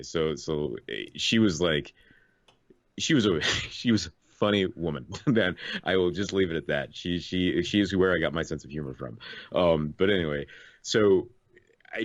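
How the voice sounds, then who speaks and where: A man's voice: low-pitched, no echo, highs cut off. A man co-hosting a podcast, casually telling a long story and laughing often. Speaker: podcast co-host. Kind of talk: casual chat.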